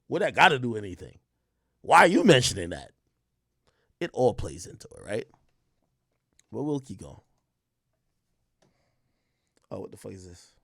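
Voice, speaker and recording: Animated man ranting to viewers. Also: medium pitch, dry recording, studio quality. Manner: animated, blunt, profane, talks straight to viewers. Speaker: commentator reacting to an interview clip. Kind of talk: casual reaction commentary.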